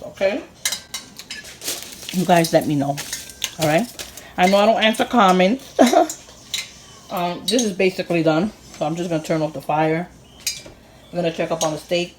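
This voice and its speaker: A woman in her thirties from Puerto Rico hosting a casual cooking vlog, excitable and laughing often as she tastes food in her kitchen. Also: on the low side, noisy background. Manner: excitable, laughs often, talks while tasting. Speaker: cooking channel host.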